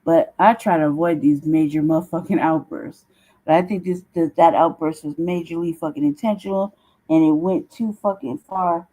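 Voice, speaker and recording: A woman's voice: sits low, normal speed, warm tone, highs cut off. A woman hosting a casual livestream, talking bluntly with heavy swearing and bursts of laughter. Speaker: show host.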